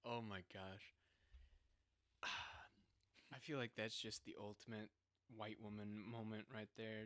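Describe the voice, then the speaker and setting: Bright-voiced young man, mocking. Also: fairly low pitch, flat delivery, a little slow, pauses often, smooth, dry recording. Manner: mocking, laughs often, breaks into put-on voices. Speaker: podcast co-host. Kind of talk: casual chat.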